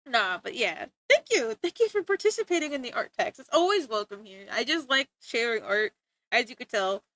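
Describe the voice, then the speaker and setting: A woman's voice: a little high, sing-song, brisk, sharp tone. A woman chatting casually to her viewers while streaming art, bubbly and laughing often. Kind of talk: casual livestream chat.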